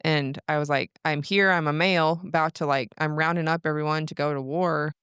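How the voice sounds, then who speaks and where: A woman's voice: deep voice, steady tone, a little fast, fairly bright tone, clear, resonant tone, no room sound, studio quality. A young adult woman, a podcast guest, telling a personal story in casual chat, rambling with lots of "like" and restarts. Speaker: podcast guest, breathwork practitioner.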